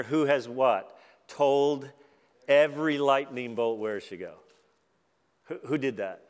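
Man preaching a sermon, casual and self-deprecating, mid-pitched voice, long church-hall reverb. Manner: conversational, self-deprecating, animated when quoting scripture. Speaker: guest preacher.

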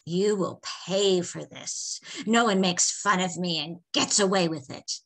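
A woman voicing an ill-tempered old woman rumored to be a witch, speaking in a sharp, snapping way. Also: lowish voice, a little slow, vocal fry. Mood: angry.

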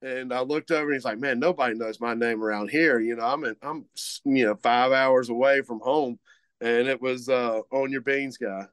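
A man's voice: medium pitch, steady tone, normal speed, clean tone, dry recording. Rambling man, dry close sound. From Mississippi. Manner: rambling, filler-heavy, easygoing. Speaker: guest co-host, butcher shop representative. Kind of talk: casual podcast chat.

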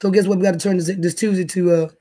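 Casting: man with a raised, high voice, loose and profane, chatting to a live audience from bed. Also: steady tone, very fast, dark tone. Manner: rambling, profane, talks straight to the chat. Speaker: livestream host. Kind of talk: casual livestream chat. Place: indoors, in bed.

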